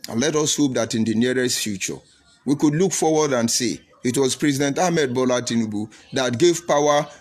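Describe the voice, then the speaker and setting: Emphatic husky commentator. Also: male voice, fairly high pitch. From Nigeria. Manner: emphatic, preachy, repeats phrases for stress. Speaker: political commentator. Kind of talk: broadcast monologue commentary.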